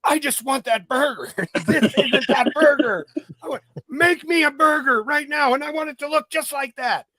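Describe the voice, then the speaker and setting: A man doing a frantic, fed-up guy, pitched high. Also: normal speed. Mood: frantic pleading. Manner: pleading, rising into a strained high shout. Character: frantic fed-up man demanding his burger.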